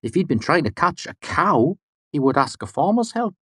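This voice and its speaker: A man narrating a fairy tale in an audiobook, with a measured, rhythmic storytelling delivery. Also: fairly high pitch, very animated, fairly bright tone, breathy edge, dry recording, studio quality.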